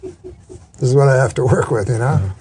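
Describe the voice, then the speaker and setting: A man's voice: mid-range voice, huge pitch swings, moderate pace, a little mellow, slight background noise. Teasing male comedy host. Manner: teasing, mock-outraged, reads jokes aloud. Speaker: talk show host. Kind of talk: casual comedy podcast banter.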